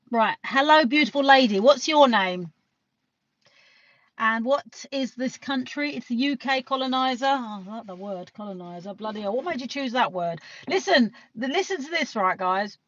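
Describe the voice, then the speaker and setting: A woman's voice: fairly high pitch, a bit bright, dry recording. British woman, live streamer; loose, chatty delivery with casual swearing, dry and dull lo-fi audio. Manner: rambling, chatty, laughs often, swears casually. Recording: dull lo-fi sound.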